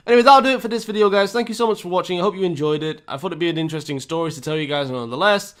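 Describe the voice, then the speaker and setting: A man's voice: high-pitched, racing, a bit bright. A young British man telling a story in a casual, chatty way, speaking to his viewers with asides. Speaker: storytime YouTuber.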